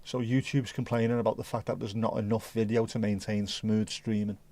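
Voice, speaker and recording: A man hosting a casual livestream, rambling and thinking out loud as he chats to his viewers. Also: fairly low pitch, flat delivery, fairly quick. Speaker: livestream host.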